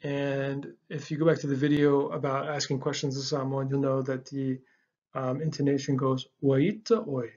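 A man giving a casual language lesson, relaxed, with frequent ums and uhs, repeating words slowly for learners. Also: medium pitch, dull audio. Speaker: language teacher.

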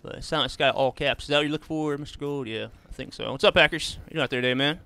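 A man's voice: on the high side, fast, vocal fry, bright, forceful tone, clean tone. A man doing casual live gaming commentary, chatting easily with viewers and tossing in "man" and "bro" all the time. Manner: laid-back, drawls "man" and "bro" often. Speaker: streamer.

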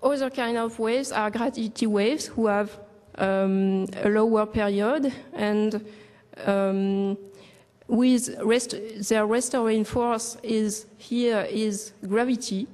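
Slow, hesitant woman presenter in a hall. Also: a little high, steady tone, a little mellow. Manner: hesitant, many fillers and restarts. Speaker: conference presenter. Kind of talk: scientific conference talk. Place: large conference room.

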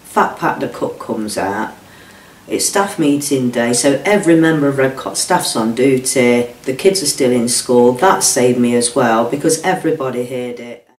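A woman's voice: extremely low pitch, normal speed. A middle-aged woman giving a blunt, emotional first-hand account, swearing freely and acting out what others said. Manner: blunt, swears, acts out quoted speech. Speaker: whistleblower guest. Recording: echoey room, distant mic.

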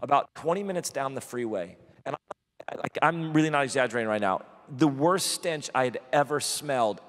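Male pastor, mid-pitched, lively comic sermon storyteller, long church hall reverb. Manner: animated, self-deprecating storyteller with quick asides. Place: church auditorium.

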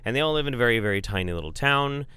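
A man's voice: mid-range voice, animated, racing, pushed and bright, clean tone. A man casually telling a comic family story, rambling and profane, with lots of fillers.

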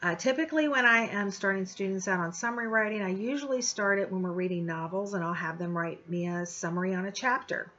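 A woman's voice: mid-range voice, fast, few pauses, sharp tone. A woman teacher giving an informal, chatty lecture with many fillers and restarts. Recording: slightly dull lo-fi audio.

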